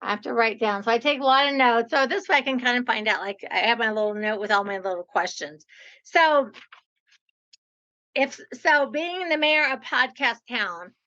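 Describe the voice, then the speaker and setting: Chatty woman in her sixties, high bright voice. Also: muffled recording. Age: 60s. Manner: chatty and playful, with frequent "like". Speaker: podcast host. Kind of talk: casual interview.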